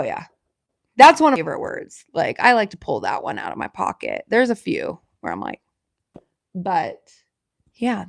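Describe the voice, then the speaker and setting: A woman with a Southern Alabama accent chats with her livestream viewers in a self-deprecating way. She talks quickly and lets her words slur together. The sound is dry and close, with no room echo. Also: on the low side, gravelly. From Alabama, USA. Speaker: livestream host. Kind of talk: casual live-stream chat with viewers.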